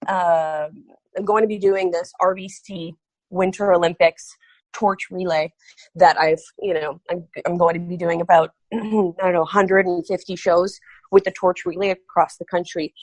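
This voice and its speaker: A woman's voice: on the low side, steady tone, a little slow, a little mellow, no echo. A woman guest on a podcast, telling a story animatedly and acting out quoted dialogue. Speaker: guest artist.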